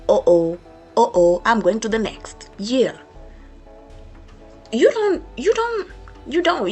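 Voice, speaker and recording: Sassy young woman ranting to camera. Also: mid-range voice. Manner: sassy, emphatic, repeats points for effect. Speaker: vlogger. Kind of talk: casual storytime rant to camera.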